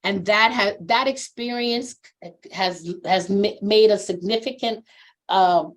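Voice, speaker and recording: Animated woman social worker telling stories. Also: slow pace. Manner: animated storyteller who acts out quoted voices with big pitch jumps; earnest and reflective on personal topics. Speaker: interviewee, adoption social worker. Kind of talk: conversational interview, storytelling.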